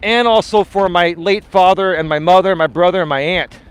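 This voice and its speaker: A man's voice: high-pitched, fairly quick, smooth, no echo. A middle-aged man hosting a live coaching stream, chatting casually and telling rambling, profane stories. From Greek-American community. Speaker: life coach, live show host.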